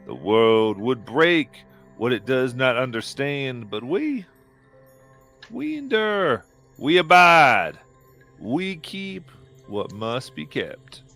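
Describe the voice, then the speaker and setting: Booming game-table preacher voiced by a man, gravelly, slow and solemn. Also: sing-song, pushed and bright, faint music behind, exaggerated voice. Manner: booming, drawn-out sermon delivery. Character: fervent male preacher giving a solemn closing sermon.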